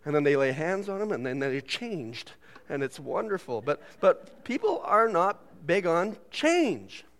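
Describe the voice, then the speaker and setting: A man's voice: fairly high pitch, very animated, measured pace, fairly bright tone. A man preaching a sermon in a church, joking and laughing often and putting on voices when he quotes people. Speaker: pastor. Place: church sanctuary.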